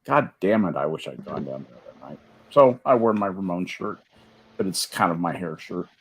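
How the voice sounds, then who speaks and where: An older man hosts a loose online panel from his home office, his voice low and husky. He rambles through long stories, and his pitch leaps and drops as he goes. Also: moderate pace. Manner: rambling storyteller, lively swings in pitch. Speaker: host. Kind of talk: casual panel chat. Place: home office in an enclosed porch.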